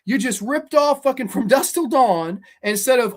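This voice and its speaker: A man hosting a horror show, ranting in a casual, profane, sarcastic way, swinging between loud outbursts and low muttering. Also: lively intonation, moderate pace, hardly any pauses. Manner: mocks characters in silly voices. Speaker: horror podcast host. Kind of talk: casual ranting movie review.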